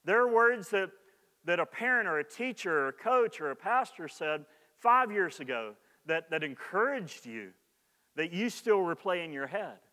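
A man preaching a sermon in a conversational way, often restarting his sentences and growing more animated as he goes. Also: high-pitched, moderate pace, big-room sound. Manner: conversational preaching with many restarts and "like", rising in energy. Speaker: pastor.

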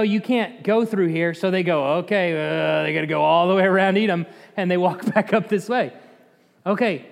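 With a high voice, a man teaching Bible study animatedly retells the story, laughing and making side comments to the class, in a church hall that echoes.

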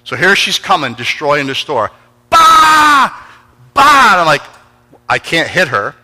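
A man's voice: mid-range voice, expressive, moderate pace, bright, forceful tone, in a large hall. A man preaching a sermon, telling stories and acting out voices and sounds. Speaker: pastor. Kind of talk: sermon with storytelling.

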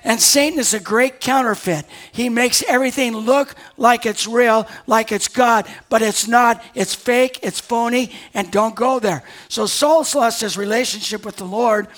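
A man with a high-pitched voice preaching a sermon. He moves between reading scripture aloud and casual asides, then lifts into emphatic bursts. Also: fairly bright tone. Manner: preaching with conversational asides and sudden emphatic rises. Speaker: pastor.

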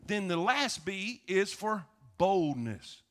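A pastor, preaching a sermon and telling stories with emphasis and humor. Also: male voice, sits high, sing-song, slow, fairly bright tone.

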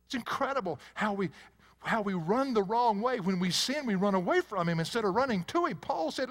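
A man preaching a sermon as pastor to a church congregation, swinging between loud emphasis and hushed, quiet lines. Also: high voice, lively intonation, brisk.

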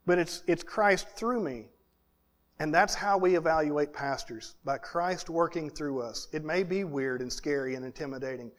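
A male pastor delivering a sermon in a fairly high voice. He speaks earnestly, stacking points in lists and repeating phrases, and sometimes drops to a hushed tone for emphasis. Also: moderate pace. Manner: earnest, building in lists and repetitions.

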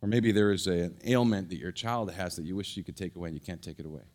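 A middle-aged pastor whose voice sits low talks at a quick pace through his sermon. He tells a personal story animatedly, restarting many times and using lots of fillers.

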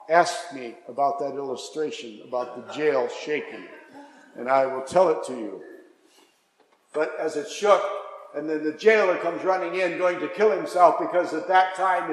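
A man preaching a sermon, impassioned, dropping to a hush and then rising again. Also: a little high. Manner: impassioned, swings from hushed to raised. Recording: echoey hall.

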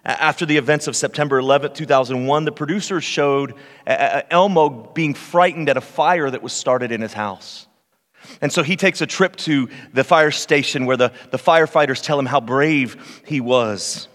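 A man's voice: mid-range voice, normal speed. Man preaching in a reverberant church. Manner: earnest, storytelling, with hushed quiet passages. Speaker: pastor. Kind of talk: sermon. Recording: long reverb of a church hall.

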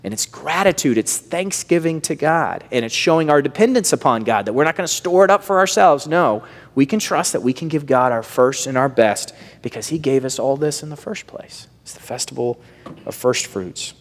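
A man preaching a sermon, swinging from emphatic lines down to hushed, near-whispered phrases. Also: medium pitch, animated, moderate pace. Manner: wide swings of loudness, dropping to near-whisper on key phrases. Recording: long reverb of a large hall.

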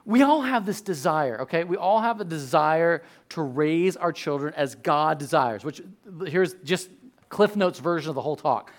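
A man in his thirties giving a sermon as a pastor, chatty and animated, telling stories with sudden loud outbursts. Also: on the high side, normal speed.

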